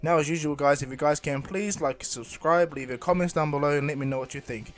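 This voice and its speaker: A man's voice: a little high, brisk, soft background music. A man improvising a fan story retelling, rambling with many ums and restarts and briefly voicing the characters. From New Zealand.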